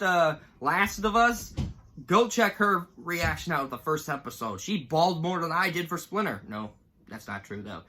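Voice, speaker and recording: With a high, bright, forceful voice, this man in his twenties goes through his ranked list of cartoon moments on a casual vlog. His commentary wanders and gets emotional, and at times he's holding back tears.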